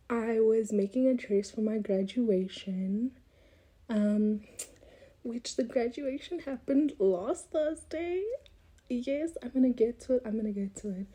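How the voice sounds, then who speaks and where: A woman's voice: a little high, a little slow, warm tone, slightly rough. A woman in her twenties hosting her own podcast, rambling and chatty, laughing often and slipping into whispered asides, recorded on a phone at home. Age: 20s. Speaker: podcast host. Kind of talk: casual chat. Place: indoors, room at home with windows. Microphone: phone held in hand.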